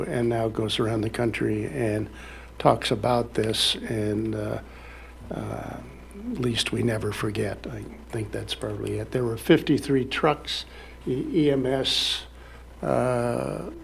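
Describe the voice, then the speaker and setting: A man's voice: mid-range voice, vocal fry, slight background noise. A man speaking at a city council meeting in a folksy, rambling way, full of fillers and restarts.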